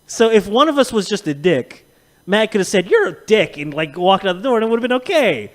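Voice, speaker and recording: Man, podcast co-host, lively up-and-down voice, slightly high, profane rambling chat. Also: fairly quick. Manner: profane, rambling, animated storytelling with laughs. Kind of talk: casual chat.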